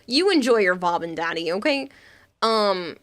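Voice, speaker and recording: A woman's voice: medium pitch, lively intonation, normal speed, a bit bright. A woman streamer in casual live-stream chat, rambling and laughing often while she answers chat. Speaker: game streamer.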